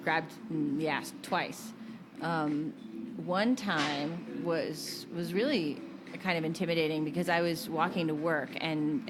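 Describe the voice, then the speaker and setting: A woman's voice: low voice, noisy background. An American woman co-hosting a podcast, talking in casual chat, giggly and candid. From United States. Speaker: podcast co-host.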